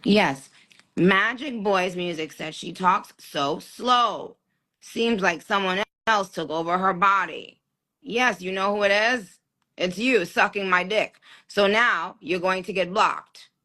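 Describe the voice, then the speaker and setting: A woman hosting a casual live stream chat, speaking slowly and deliberately in a sarcastic, teasing way. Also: mid-range voice, bright, forceful tone. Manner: slow, deliberate, drawn-out speech.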